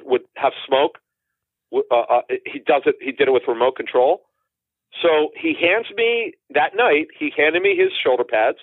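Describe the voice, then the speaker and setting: A man's voice: on the high side, no room sound. Man in his forties, phone-line audio, rambling casual guest, many restarts, dry. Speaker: guest, football insider. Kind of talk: casual storytelling interview. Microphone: phone call.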